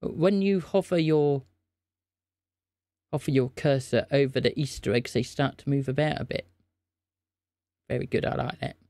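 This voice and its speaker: A man's voice: mid-range voice, normal speed, long pauses, mellow, no room sound. A man live-streaming a scambaiting call, teasing and playing mock-innocent. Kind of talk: live scam-call banter.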